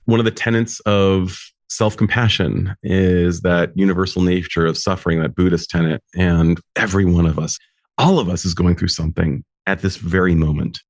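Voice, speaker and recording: A man's voice: low voice, fairly even intonation, moderate pace, no room sound, clean studio sound. A man hosting a psychology podcast, reflecting on what his guest says with enthusiastic responses. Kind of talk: interview conversation.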